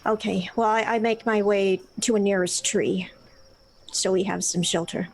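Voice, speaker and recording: A woman's voice: medium pitch, fairly even intonation, moderate pace, creaky, slight background noise, low-quality recording. A woman playing a tabletop game, speaking hesitantly with many stammers. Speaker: player.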